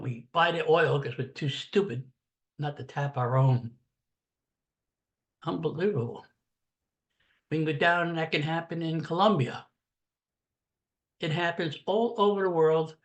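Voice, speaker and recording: A man's voice: on the high side, a bit bright. An older American man giving a blunt, sarcastic, rambling political rant in a casual monologue. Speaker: political commentator.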